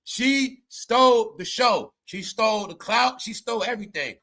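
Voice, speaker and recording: A man's voice: sits high, normal speed, pushed and bright. A man giving casual, comedic commentary as a vlogger, rambling, swearing, laughing and stammering as he talks.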